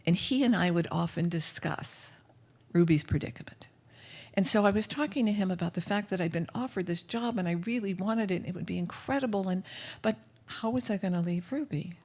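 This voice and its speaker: A woman's voice: on the low side, a little fast, a little mellow. A woman telling a personal story live at a café, in a vivid, well-paced first-person manner. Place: café stage.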